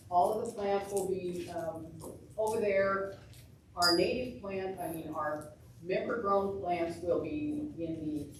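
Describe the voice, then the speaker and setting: Woman, low voice, club announcements, very echoey room, distant noisy recording. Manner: chatty, rambling, with fillers. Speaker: chapter meeting announcer.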